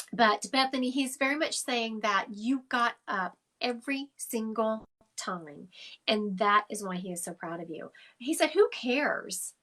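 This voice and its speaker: Woman, psychic medium, slightly high voice, emphatic, affectionate, phone live stream. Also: lively intonation, a little slow, a bit bright. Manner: chatty, emphatic, affectionate, addressing viewers directly. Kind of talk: live-stream reading for viewers.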